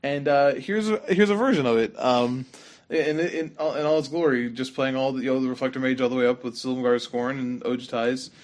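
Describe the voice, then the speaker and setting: A man's voice: mid-range voice, a little fast. A man co-hosting a casual game podcast, rambling with many fillers and slightly losing his voice. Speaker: podcast co-host. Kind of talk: casual gaming chat.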